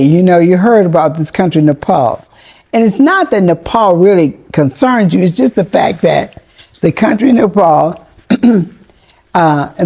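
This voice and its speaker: A woman's voice: fairly low pitch, warm tone, muffled recording. A woman host giving a rambling, chatty commentary monologue with exclamations and asides.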